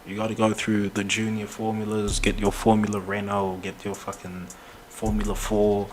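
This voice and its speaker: A man's voice: lowish voice, completely flat delivery, moderate pace, darkish tone, slight background noise. A man hosting a casual commentary show, rambling and heated, swearing often and laughing between points. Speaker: podcast host.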